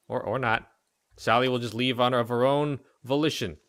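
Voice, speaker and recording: A man's voice: medium pitch, brisk, fairly bright tone. A man giving joking, rambling commentary on a life-sim game, talking to the characters. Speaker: let's play host. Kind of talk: casual gameplay commentary.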